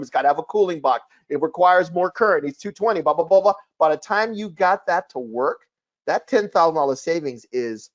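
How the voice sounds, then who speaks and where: A man hosting a casual chat, explaining things in an emphatic, animated way. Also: a little high. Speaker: projector reviewer, host. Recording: lo-fi, dull sound.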